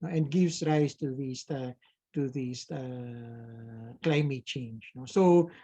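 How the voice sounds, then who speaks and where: A man's voice: medium pitch, slow pace, dark tone, slightly rough. A Filipino man, an engineer and invited expert, answering questions in a webinar, hesitant with many fillers and a habitual questioning "no?". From Philippines. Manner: hesitant, frequent "uh" and tag "no?". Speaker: resource speaker, engineer. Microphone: video call.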